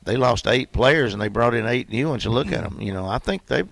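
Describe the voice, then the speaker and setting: A man's voice: medium pitch, expressive, brisk, gravelly, fairly bright tone, dry recording. A man, a basketball coach telling stories in a folksy way in a radio interview. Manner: folksy storytelling.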